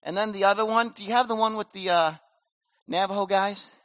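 A man preaching a sermon as pastor, animated and conversational, with casual slang. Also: high-pitched, fairly quick, dry recording.

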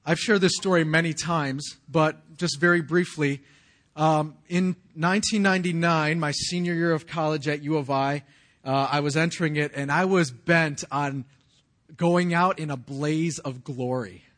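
Conversational male pastor, slightly high voice. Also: steady tone, unhurried, fairly bright tone. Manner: conversational, with frequent restarts and casual slang. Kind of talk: sermon with personal testimony.

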